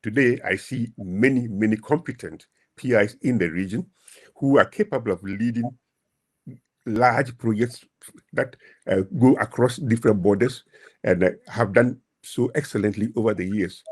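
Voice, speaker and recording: Husky-voiced man on a webinar panel. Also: fairly low pitch, a little mellow. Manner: measured, many hesitations. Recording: video call audio.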